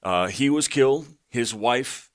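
A man's voice: mid-range voice, expressive, measured pace. A man co-hosting a talk radio show, explaining news stories with opinionated context. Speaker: radio co-host.

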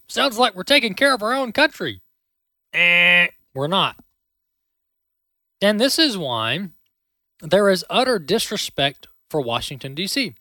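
A male talk show host delivers opinionated commentary with heavy sarcasm. His voice sits high and swings widely in pitch, with a bright edge. The sound is dry and close to the mic. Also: no room sound. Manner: sarcastic and animated.

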